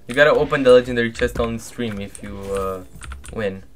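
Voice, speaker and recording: Young male streamer, relaxed and mumbly game commentary, average pitch, light background hiss. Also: fairly quick. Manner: laid-back and low-key, flares up loud and angry at opponents. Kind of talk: casual livestream gameplay commentary.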